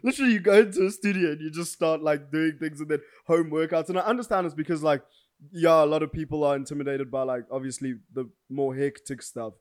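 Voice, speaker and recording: A man's voice: a little high, fast. A young man in his twenties chatting casually as a podcast co-host, laid-back and full of slang like bro and dude. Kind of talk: casual chat.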